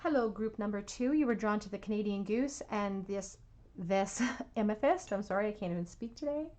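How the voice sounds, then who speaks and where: A woman giving a pick-a-card tarot reading at home, soothing and reassuring, with soft laughs. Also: mid-range voice, moderate pace. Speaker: tarot reader.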